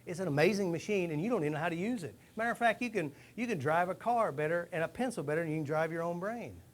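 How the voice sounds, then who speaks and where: Lively man talking to a rehab group. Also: high-pitched, quick pace. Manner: lively, asks the room questions, acts out stories. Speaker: speaker addressing a rehab group. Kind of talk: live motivational talk to an audience. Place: group room at a rehab center.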